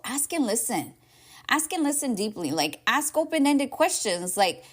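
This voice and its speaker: Heartfelt rambling woman podcaster. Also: mid-range voice. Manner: rambling and heartfelt, with many "like", "right?" and "y'all". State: emotional, near tears at times. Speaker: podcast host. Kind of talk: casual advice podcast.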